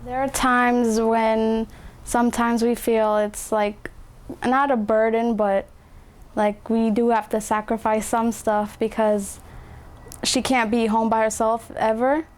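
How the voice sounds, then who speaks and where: Earnest woman, flat slow voice. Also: on the high side.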